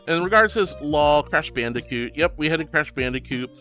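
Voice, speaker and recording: A man's voice: fairly high pitch, normal speed, a bit bright, faint music behind. A man streaming live in a casual, gushing and affectionate way, reading chat aloud and greeting viewers with giggles.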